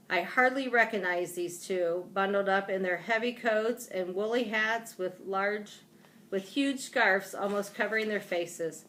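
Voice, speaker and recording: A woman reading a children's chapter book aloud, unhurried and expressive on the exclamations. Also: medium pitch. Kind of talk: storybook read-aloud.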